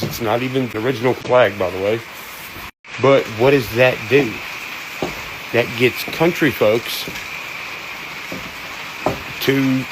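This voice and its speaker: A man's voice: mid-range voice, background noise. A man with a Southern US accent, talking bluntly in a folksy, plain-spoken monologue. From American South. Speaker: host. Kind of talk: casual monologue.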